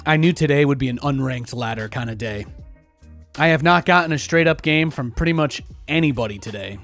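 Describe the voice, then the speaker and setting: A man's voice: medium pitch, a little fast, fairly bright tone, faint music behind. A young man from New York City streaming a game and chatting casually, with sarcastic, ranting asides. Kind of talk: casual live-stream chat.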